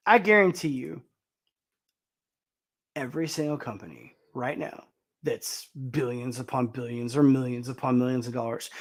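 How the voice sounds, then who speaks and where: Sharp in tone and fairly high in pitch, this male host runs a casual show where he delivers ranting commentary on news clips. His talk is blunt, laced with swearing, fillers, and restarts.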